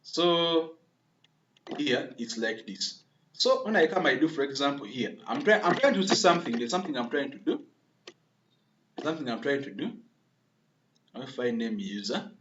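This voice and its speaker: A man's voice: medium pitch, sing-song, normal speed, pauses often, fairly bright tone, echoey room, dull audio, a little hiss or hum. A man giving a screen-recorded coding tutorial, thinking aloud, repeating himself and often checking in with a questioning "okay?" while he addresses viewers as members.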